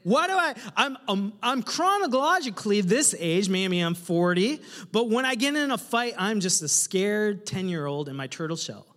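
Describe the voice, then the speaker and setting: Male pastor, high-pitched, lively and humorous from the pulpit, heard in a long-reverb hall. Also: normal speed. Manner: animated, humorous, asks the congregation questions. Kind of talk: sermon. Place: church hall with a congregation.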